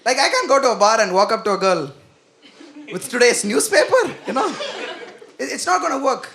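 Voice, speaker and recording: A young man performing a stand-up comedy set, animated and self-mocking as he talks to the crowd. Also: extremely high pitch, fairly quick, vocal fry, slight background noise. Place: comedy venue with live audience.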